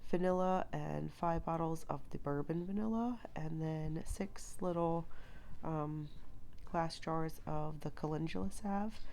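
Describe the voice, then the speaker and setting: A woman with a cold and a nasal, stuffy voice, narrating her homemade holiday gifts in a relaxed, plain way. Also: sits low, unhurried, vocal fry, slight background noise. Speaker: homestead vlogger. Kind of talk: casual voice-over narration.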